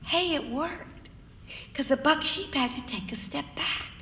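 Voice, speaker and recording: A woman storyteller performing live, acting out shouts and sound effects and drawing the audience in. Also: high-pitched, expressive, a little slow, a little hiss or hum. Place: large theater stage. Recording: echoey theater hall.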